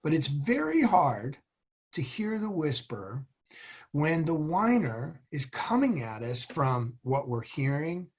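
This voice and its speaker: A man's voice: on the high side, big pitch swings, takes it slowly, husky. Earnest middle-aged man telling motivational stories. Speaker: guest, former military officer and executive. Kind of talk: interview conversation.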